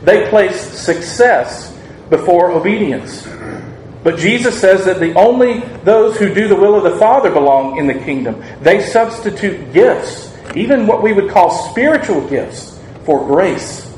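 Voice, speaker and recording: A man preaching a sermon, earnest and measured, asking the congregation rhetorical questions and acting out quoted lines. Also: high voice, lively intonation, darkish tone. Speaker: pastor. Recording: echoey room, faint ambient noise.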